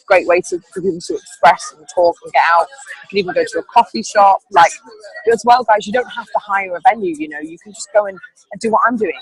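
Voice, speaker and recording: A woman's voice: medium pitch, expressive, quick pace, breathy edge, low-quality recording. A woman leading an online team training call, upbeat and encouraging, rambling with fillers. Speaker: team leader.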